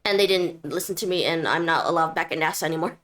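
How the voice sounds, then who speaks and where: A woman's voice: sits low, quick pace, a bit bright. A young woman streaming a game, chatting in a goofy, rambling, playful way. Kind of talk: casual game commentary.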